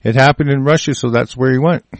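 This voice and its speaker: A man's voice: medium pitch, fairly even intonation, quick pace, no room sound. An older man vlogging a heated, rambling political rant, full of swearing and broken-off restarts.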